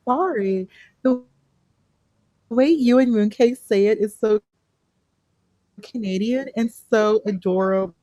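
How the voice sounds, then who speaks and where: Gushing woman, high and mellow. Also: steady tone, a little slow, pauses often, no echo. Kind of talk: casual chat.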